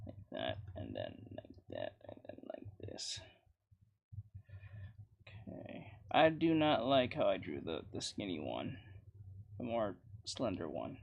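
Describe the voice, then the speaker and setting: Gravelly, mumbling man streaming his drawing. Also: lowish voice, slow, long pauses. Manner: relaxed, mumbling, muttering to himself. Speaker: art streamer. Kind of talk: casual chat while drawing live. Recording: dull lo-fi stream audio with faint noise.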